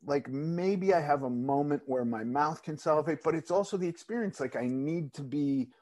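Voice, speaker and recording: A man's voice: on the high side, moderate pace, a little mellow. A man in a casual podcast conversation, talking in a loose, rambling, self-mocking way.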